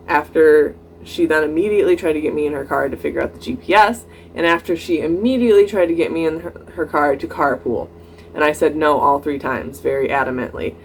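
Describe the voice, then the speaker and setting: A young adult vlogger tells a story in a casual storytime way, with a mid-pitched voice that jumps up whenever they act out quoted dialogue. They lean on "like" and "I'm like" as they go. A faint noise sits under the recording. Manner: animated retelling, acting out both sides of dialogue with rising pitch; frequent "like" and "I'm like" quotative fillers.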